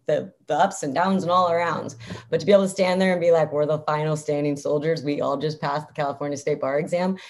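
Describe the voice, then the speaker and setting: Young adult woman, interview guest, slightly low voice, lively and chatty with lots of fillers. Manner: upbeat, chatty, frequent "like" fillers and laughs. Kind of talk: casual interview talk.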